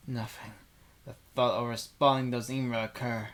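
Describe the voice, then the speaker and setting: A man's voice: medium pitch, little pitch movement, normal speed, fairly bright tone. A young man reading a visual novel aloud into a desk microphone, breaking off for rambling casual asides.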